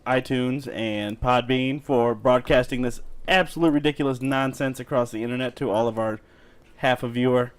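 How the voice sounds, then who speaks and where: A man closing out a casual podcast, easygoing and joking as he thanks listeners. His voice sits at an ordinary middle pitch, recorded around a kitchen table. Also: moderate pace, clean tone. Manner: laid-back, jokey wrap-up. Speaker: podcast host. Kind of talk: casual show sign-off. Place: home kitchen.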